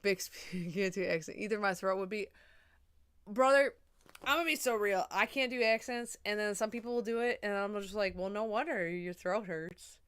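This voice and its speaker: A young woman chatting casually on a livestream, rambling and swearing, a little drunk and high. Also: brisk, fairly bright tone, smooth.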